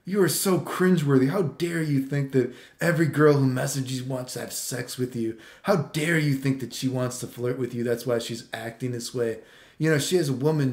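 A man's voice: mid-range voice, darkish tone, close to an everyday voice. A man imitating a preachy older man who scolds him indignantly. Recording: roomy echo.

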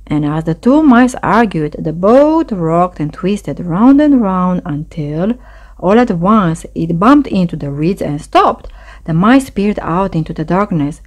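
A woman reading a bedtime story aloud as storyteller, in a gentle, expressive way. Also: lowish voice, unhurried.

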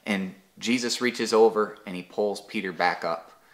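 A man with a fairly low, unhurried voice runs an online Bible study as casual devotional teaching, conversational in tone. He frequently repeats a word when restarting and illustrates with everyday examples.

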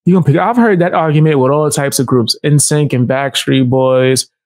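A man's voice: mid-range voice, moderate pace, a little mellow, no echo. A man casually reacting to a video clip, talking back to it with slang and jokes.

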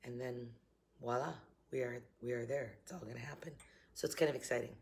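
A woman's voice: extremely low pitch, fairly even intonation, brisk, a little mellow, slight background noise. A middle-aged woman with a Southern accent and a slight morning cough, chatting casually to camera from her kitchen. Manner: chatty, laughing, upbeat. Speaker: vlogger. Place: home kitchen.

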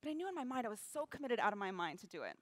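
A woman giving a keynote talk on stage, telling a story in an animated way, acting out quotes and laughing often. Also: on the high side, rapid-fire, dry recording. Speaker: keynote speaker. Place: event stage.

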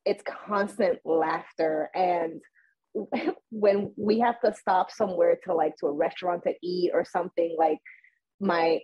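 Laughing podcast host from Puerto Rico. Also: female voice, fairly low pitch, no room sound. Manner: animated storyteller, laughs often. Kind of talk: casual interview chat. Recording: muffled lo-fi sound with a husky edge.

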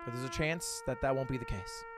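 A man's voice: mid-range voice, brisk, music in the background. A young man streaming, telling a rambling story to his chat with lots of restarts and swearing.

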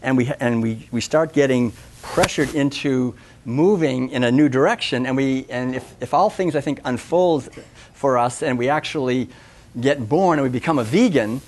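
A man giving an animated, conversational public talk at a festival, often acting out voices. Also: medium pitch, moderate pace, a little hiss or hum. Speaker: speaker.

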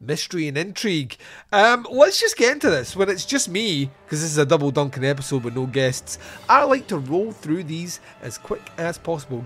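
A man's voice: a little high, very animated, normal speed, fairly bright tone, faint music behind. A man hosting a podcast on his own, recapping a film scene by scene in a wry, joking way with asides and fillers. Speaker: podcast host reviewing a film.

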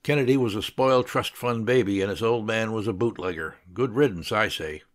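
A man's voice: on the low side, brisk, close to an everyday voice. A man reading a blunt, brash young man. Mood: scornful. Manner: brusque, dismissive. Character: loud blunt young man, business graduate.

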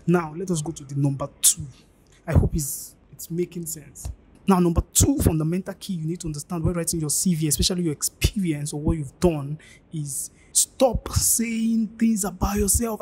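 Husky, emphatic man coaching. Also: a little high, moderate pace, dark tone. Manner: emphatic, pleading, repeats key points. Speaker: career advice coach. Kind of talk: informal teaching monologue.

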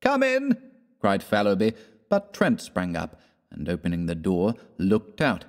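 Low-voiced man narrating a horror story. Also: lively intonation. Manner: measured, theatrical reading with character voices. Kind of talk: scripted audiobook narration.

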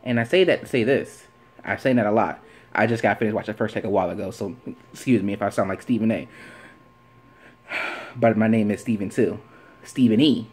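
A man with a lowish, breathy voice rants about sports as a vlogger, talking fairly quickly but pausing often. He's animated and opinionated, firing off rhetorical questions and repeating phrases to drive his points home.

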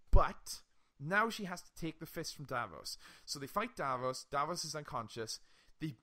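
A young man co-hosting a casual podcast, retelling a TV episode with lively swearing and frequent laughs. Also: fairly high pitch. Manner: animated storytelling, swearing, laughing often. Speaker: podcast co-host. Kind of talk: casual chat.

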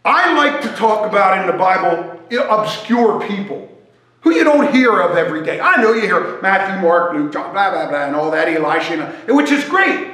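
A man telling a joking, animated story as a sermon at a church service. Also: high-pitched, moderate pace. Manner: animated, joking storyteller who wanders while talking. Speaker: guest speaker at a church service. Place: church sanctuary. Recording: echoey church hall.

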